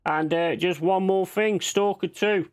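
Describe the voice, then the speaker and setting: A man's voice: high-pitched, steady tone, unhurried. A man hosting his own gaming channel, chatting casually and swearing freely as he plays. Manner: chatty, sweary, laughs easily. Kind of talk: casual gameplay commentary.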